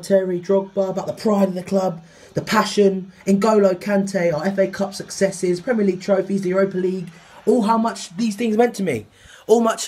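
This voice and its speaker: A young man vents straight into the camera with a slightly husky, rough edge to his voice. He swears freely and keeps breaking into shouted outbursts. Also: high-pitched. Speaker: vlogger. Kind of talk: angry football rant to camera.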